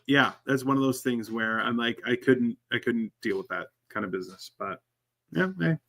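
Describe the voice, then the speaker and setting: A man from Canada co-hosting a casual show, teasing and trailing off into quiet asides. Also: medium pitch, moderate pace, creaky. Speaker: cooking show co-host. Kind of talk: casual banter.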